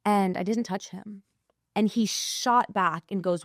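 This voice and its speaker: A woman guest, an intuitive coach, telling a personal story in an interview, animated and acting out the people she quotes. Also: mid-range voice, a little slow, no echo, clean studio sound.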